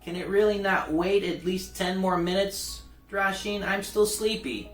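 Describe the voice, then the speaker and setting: A man's voice: high-pitched, a little slow, echoey room, faint music behind, pitched above the performer's own voice. A man reading aloud, voicing a sleepy, sulky teenage girl with a nasal whine. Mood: whiny sleepy.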